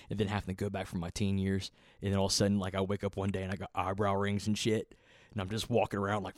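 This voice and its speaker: A man's voice: sits low, monotone, fast talker, no echo, studio quality. Profane rambling man in his thirties. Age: 30s. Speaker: podcast host. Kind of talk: casual solo ranting.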